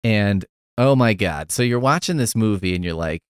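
Low-voiced man rambling through a movie review. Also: expressive, normal speed, clear, resonant tone, no echo, clean studio sound. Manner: rambling, profane, wry. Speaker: podcast host.

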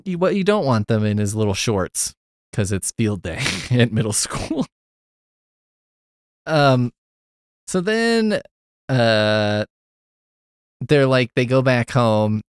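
Animated low-voiced man recapping. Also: no room sound, clean studio sound. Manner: animated storytelling, swearing, quick character voices. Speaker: podcast host. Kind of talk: casual comedic recap.

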